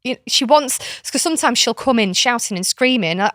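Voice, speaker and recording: Here a middle-aged British woman's voice sits on the high side, expressive and fairly bright, moving a little fast. As an author and kinship carer appearing on a podcast, she explains a parenting approach in casual conversation, frank and chatty, with the occasional playful voice.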